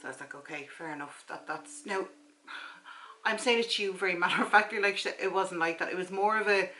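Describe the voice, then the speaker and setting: A woman's voice: lowish voice, quick pace, sharp tone, low-quality recording. A woman in her forties with an Irish accent, chatting casually to camera at home and retelling a conversation with a friend. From Ireland. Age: 40s. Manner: chatty storytelling, acts out friend's replies. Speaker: vlogger. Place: her house, front room. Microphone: camera mic.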